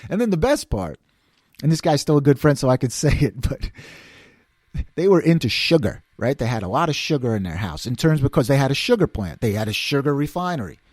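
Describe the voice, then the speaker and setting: A podcast host in his fifties from the New York City area, with a New York accent, tells stories in a casual monologue, acting out quoted voices and laughing often. His medium-pitched voice is very animated, brisk and a little mellow. The recording is dry and studio quality.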